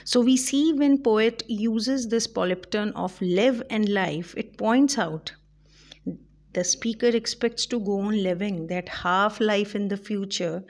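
A woman giving a poetry lecture, talking deliberately with frequent fillers and restarts. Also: mid-range voice, darkish tone. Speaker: English literature lecturer.

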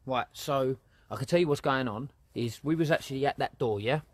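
A man with an Essex accent, a paranormal investigator talking casually and excitedly in a churchyard at night, swearing and slangy, recorded on a handheld camera. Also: medium pitch, a little fast, no room sound. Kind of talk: casual ghost-hunting vlog.

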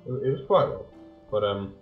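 A man's voice: on the low side, lively intonation, fairly quick. A man co-hosting a let's play, trading dry, absurd jokes in casual banter. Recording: roomy lo-fi sound with faint music.

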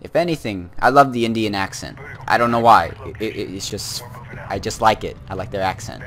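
A man's voice: on the low side, brisk, a bit bright. A man giving casual let's play commentary on a war game, full of chatty, rambling asides.

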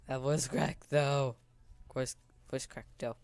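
A man giving casual gameplay commentary at an unhurried pace. His voice has a gravelly edge as he rambles nervously about what he sees on screen. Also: mid-range voice, steady tone, darkish tone, no echo. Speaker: gamer.

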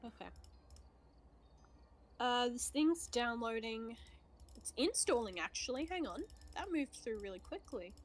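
A woman's voice: fairly high pitch, lively intonation, unhurried, long pauses. A woman guest on a game stream, chatting casually in a teasing, sarcastic way.

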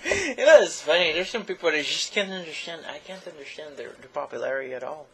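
A drunk man ranting loudly and profanely in a casual video chat. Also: a little high, expressive, quick pace, creaky, crowd noise. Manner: loud, emphatic, profane. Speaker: video blogger.

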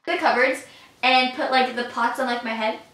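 A young woman chats and giggles, often trailing off before she finishes a thought. Her voice is high and bright. She sounds a little distant from the mic, in an echoey room. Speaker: co-host friend. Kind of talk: casual chat.

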